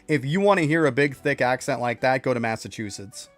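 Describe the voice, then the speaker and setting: A man's voice: mid-range voice, a little fast, fairly bright tone, faint music behind. A man from upstate New York with a mild local accent, chatting bluntly with his live-stream viewers about gaming. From New York State, outside the city. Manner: blunt, talks back to chat, laughs between points.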